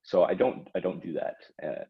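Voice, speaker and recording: A man's voice: deep voice, expressive, normal speed. A man giving casual instructional talk about trading, conversational, with frequent fillers and tag questions like "right?" and "okay?". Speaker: trading educator. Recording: dull lo-fi recording.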